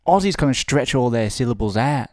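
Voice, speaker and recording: A man's voice: medium pitch, lively intonation, a little fast, no echo, studio quality. A young man, telling a sheepish, rambling story in casual podcast chat. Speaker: podcast co-host.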